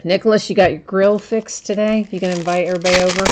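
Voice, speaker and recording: A woman's voice: fairly low pitch, steady tone, fast, noisy background. A woman hosting a live card break stream, chatting casually with viewers, greeting them by name and laughing easily.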